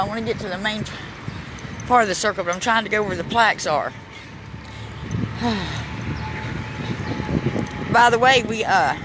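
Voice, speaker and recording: A man walks through a city park, filming on his phone and reading plaques aloud in a casual, emotional way. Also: high-pitched. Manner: emotional, chokes up, reads plaques aloud haltingly. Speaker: vlogger touring a memorial park. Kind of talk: casual walking vlog narration. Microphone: handheld phone camera. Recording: outdoor phone recording with traffic noise. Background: street and traffic noise.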